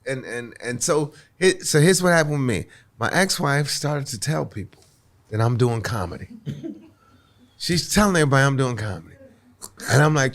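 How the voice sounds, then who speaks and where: A man, a comedian guest on a podcast, telling a long anecdote in an animated way, repeating words as he restarts and acting out other people's voices. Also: mid-range voice, normal speed. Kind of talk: storytelling anecdote. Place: podcast recording.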